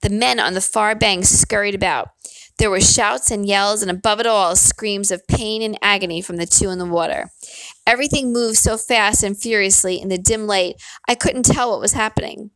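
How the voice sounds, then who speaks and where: Brief: woman narrator reading a novel, expressive, dry close sound. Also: medium pitch, normal speed, dry recording. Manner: expressive first-person storytelling.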